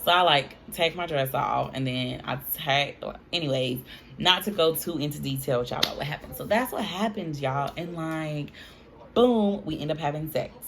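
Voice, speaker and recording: A woman's voice: sits low, normal speed. Girl in her 20s doing a storytime, chatty, calls everyone y'all, bit of hiss behind her. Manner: animated, chatty, addresses viewers as y'all. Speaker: vlogger. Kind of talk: casual storytime.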